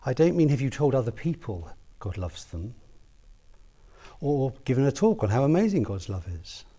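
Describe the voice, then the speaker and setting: A man preaching a sermon, earnest and personal, rising to emphatic peaks and dropping to soft, quiet asks. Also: medium pitch, big pitch swings, moderate pace.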